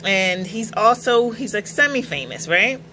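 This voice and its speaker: Chatty woman with a bright voice. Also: mid-range voice, a little slow, a little hiss or hum, rough recording. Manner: chatty, animated, laughs while telling stories. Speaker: vlogger. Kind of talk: casual storytelling vlog.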